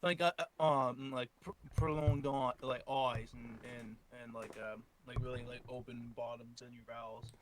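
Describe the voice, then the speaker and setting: A man's voice: mid-range voice, steady tone, moderate pace, noisy background. Joking, rambling male player. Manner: joking, rambling with many fillers. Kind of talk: casual tabletop role-play.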